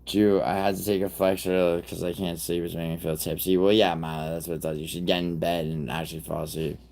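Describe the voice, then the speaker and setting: A man hosting a live stream, chatting loosely with viewers in a profane, rambling way, with sudden loud outbursts. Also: low-pitched, little pitch movement, quick pace, creaky. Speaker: livestream host. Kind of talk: casual live-stream chat reacting to viewers.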